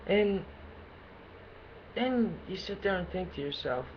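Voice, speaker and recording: Excitable, halting man with lo-fi sound. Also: on the high side, slight background noise. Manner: hesitant, many fillers and restarts, bursts of excitement. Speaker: self-help vlogger. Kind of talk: unscripted motivational talk to camera.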